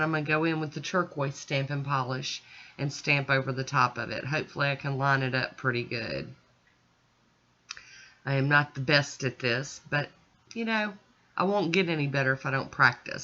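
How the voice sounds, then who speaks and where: A nail art channel host does a chatty, casual voice-over for her tutorial, describing each step as she works. Her deep voice is bright and forceful, though the recording sounds dull and lo-fi.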